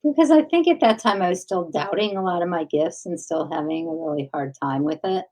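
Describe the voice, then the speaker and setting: A woman's voice: fairly low pitch, brisk, mellow, low-quality recording. A woman co-hosting a podcast, reflecting earnestly in casual chat. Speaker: podcast co-host.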